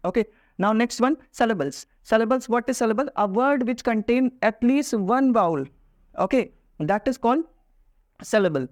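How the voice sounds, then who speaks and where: Hesitant teacher, dry sound. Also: male voice, extremely high pitch, animated, dry recording. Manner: hesitant, many "uh" pauses, addresses viewers directly. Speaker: English pronunciation teacher. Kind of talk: classroom-style video lesson.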